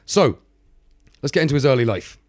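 A man's voice: medium pitch, animated, a little fast, a little mellow, dry recording, studio quality. A man co-hosting a podcast, telling a story in casual, wry, joking chat. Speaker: podcast co-host.

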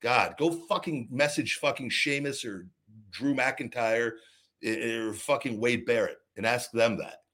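A middle-aged man hosting a live show and answering viewer questions, swinging between profane, heated ranting and calm, rambling advice, with frequent repeated words and restarts. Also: mid-range voice, a little slow. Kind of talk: unscripted livestream chat.

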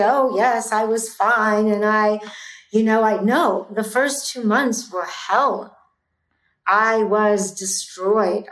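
Emphatic woman guest in an echoey room. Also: medium pitch. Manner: emphatic, intense, repeats for force. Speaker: entrepreneur guest. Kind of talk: emotional personal storytelling. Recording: roomy echo with faint music.

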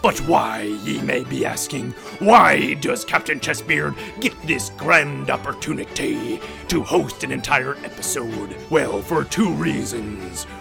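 A man voicing a gruff, boastful male pirate captain while hosting a podcast, growling his words in a comedic pirate role-play. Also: medium pitch, lively intonation, unhurried, few pauses, music in the background. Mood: blustery. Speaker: podcast host.

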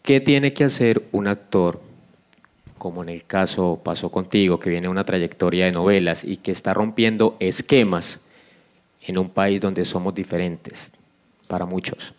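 A man's voice: deep voice, normal speed. A man from Colombia, an actor, asking a question from the audience in an earnest, effusive way.

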